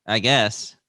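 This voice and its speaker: A man's voice: sharp tone, no echo. A man co-hosting a casual podcast, reading quotes aloud and laughing between them. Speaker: podcast co-host.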